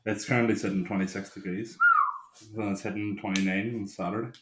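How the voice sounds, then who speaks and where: A man's voice: on the low side, fairly even intonation, a little fast, roomy sound, heavy background noise. A young man, chatting casually as a podcast co-host and telling stories with plenty of swearing. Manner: swearing, storytelling, laughs often. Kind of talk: casual chat.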